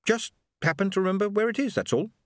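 A man reading an audiobook, voicing a fierce, sharp-tongued young woman who gives curt commands. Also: sits high, animated, quick pace, no room sound, studio quality, voice pushed up. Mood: cool, scornful.

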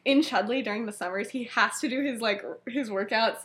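A woman's voice: on the high side, a little fast, a bit bright. A young woman co-hosting a podcast, retelling a story in casual chat, giggling often and acting out quoted lines with lots of fillers. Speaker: podcast co-host.

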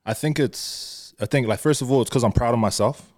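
A man's voice: mid-range voice, a little fast, darkish tone, dry recording, clean studio sound. A young man with a New Zealand accent, a podcast guest who talks candidly, swears freely and laughs often in casual chat. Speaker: guest, social media influencer.

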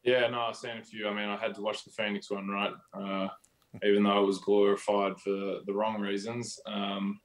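A man's voice: on the low side, flat delivery, moderate pace, rough recording. An Australian man as an interview guest, talking casually and rambling with lots of fillers. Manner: rambling, full of "you know" fillers.

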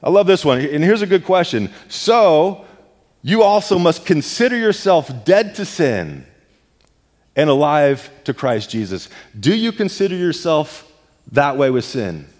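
Male pastor, mid-high voice, emphatic sermon delivery, long church reverb. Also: very animated, measured pace, a little mellow. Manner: emphatic, repeats words when stressing a point. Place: church sanctuary.

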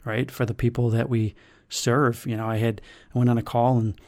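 A man's voice: mid-range voice, little pitch movement, moderate pace, a little mellow. Male host, police trainer, earnest conversational delivery. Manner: earnest, storytelling. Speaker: podcast host, police field training officer. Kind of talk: casual podcast talk.

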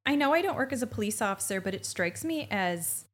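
A woman co-hosting a podcast, recapping a TV episode in incredulous, animated casual chat and acting out quoted lines. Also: mid-range voice, fairly quick, slightly rough. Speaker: podcast co-host.

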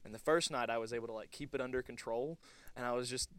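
A man's voice: mid-range voice, quick pace, fairly bright tone. A young man co-hosting a casual podcast, telling a story in an easygoing, rambling way. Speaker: podcast co-host. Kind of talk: casual chat.

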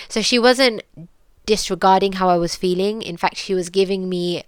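A woman's voice: mid-range voice, normal speed, clear, resonant tone, no echo. A young woman with a British accent tells a personal story earnestly, with many fillers and restarts. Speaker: podcast guest sharing her story.

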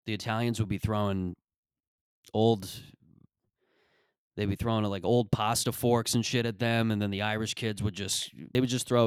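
A man's voice: on the low side, fairly even intonation, normal speed, long pauses, clear, resonant tone, no echo, clean studio sound. A man in his thirties hosting a podcast, telling stories in a rambling, profane, comedic monologue. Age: 30s. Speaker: podcast host.

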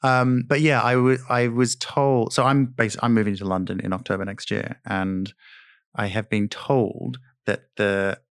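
A man with an Australian accent, chatting casually on a podcast in a relaxed way. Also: on the low side, a little slow, creaky, smooth, dry recording, clean studio sound. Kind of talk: casual chat.

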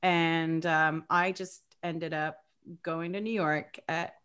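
A young adult woman talking as a podcast guest, animated and quick to laugh at herself. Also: low voice, clear, resonant tone. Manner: animated, laughs often, self-deprecating. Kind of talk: casual podcast chat.

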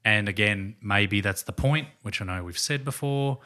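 A man with a lowish, bright voice shares his take on a film with friends. He talks earnestly and hesitantly, often restarting his sentences. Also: moderate pace. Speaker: podcast co-host. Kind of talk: casual film chat.

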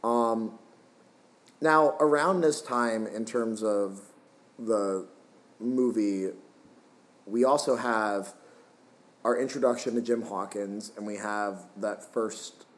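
A man co-hosting a casual film review podcast, talking in an animated way and slipping into silly voices. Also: on the low side, slow pace, long pauses, roomy sound. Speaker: podcast co-host.

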